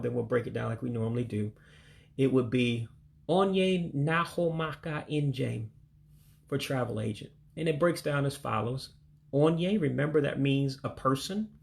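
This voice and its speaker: A man from the United States leading a casual vocabulary lesson, slowly and carefully repeating foreign words and explaining them plainly. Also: medium pitch, gravelly. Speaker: language learner teaching vocabulary.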